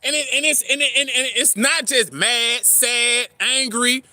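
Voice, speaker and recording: High, bright-voiced man giving street-talk motivation. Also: fairly even intonation, a little slow, dry recording. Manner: street slang, heavy swearing, repeats "man" and "you know what I'm saying"; rambling, earnest, greets passers-by. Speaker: poet and vlogger. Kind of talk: casual motivational talk to camera.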